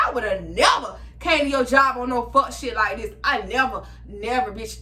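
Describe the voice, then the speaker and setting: Bright-voiced, blunt young woman vlogger. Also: on the high side, moderate pace, hardly any pauses. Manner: animated, blunt, swearing, talking straight to viewers. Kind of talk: storytime chat to camera.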